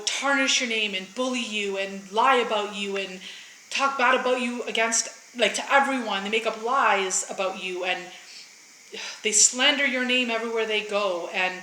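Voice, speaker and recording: A woman's voice: on the high side, sharp tone, a little hiss or hum. Tearful woman giving an earnest tarot reading. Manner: earnest, repetitive, reassuring. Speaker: tarot reader. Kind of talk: spiritual tarot reading to viewers. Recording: echoey room.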